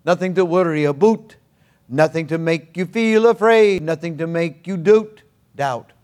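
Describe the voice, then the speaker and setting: A man putting on the voice of an elderly Scottish preacher, singing a hymn in a cheerful, drawn-out sing-song. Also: on the high side, darkish tone, smooth, lightly acted.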